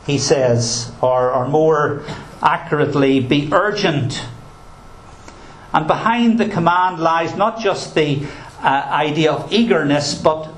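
A male pastor preaching a sermon in an earnest, emphatic way, with touches of dry humor. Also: fairly high pitch. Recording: roomy echo.

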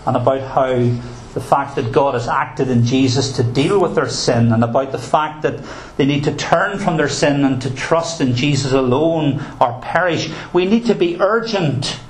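A male pastor preaching a sermon in an earnest, emphatic way, with touches of dry humor. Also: medium pitch. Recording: roomy echo.

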